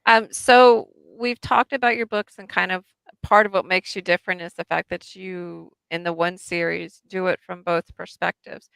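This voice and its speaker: Gravelly-voiced woman podcast host. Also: lowish voice, steady tone, moderate pace, fairly bright tone, no echo, rough recording. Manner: brief affirming replies. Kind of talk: interviewing a guest.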